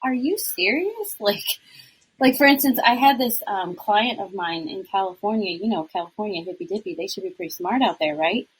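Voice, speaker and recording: A woman's voice: mid-range voice, animated, normal speed, a little hiss or hum, rough recording. A woman who is a guest on a podcast, chatting casually and reacting with exclamations. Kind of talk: casual chat.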